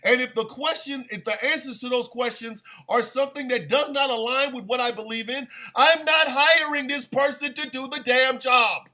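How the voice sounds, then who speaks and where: A man's voice: very high voice, moderate pace, hardly any pauses, sharp tone. A man hosting a stream radio show, delivering a heated, profane and sarcastic political rant.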